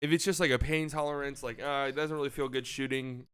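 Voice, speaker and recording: A man's voice: medium pitch, steady tone, fast, fairly bright tone, clear, resonant tone, no room sound, clean studio sound. A young man hosting a casual basketball talk show, ranting with exasperation and repeating himself. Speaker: sports podcast host.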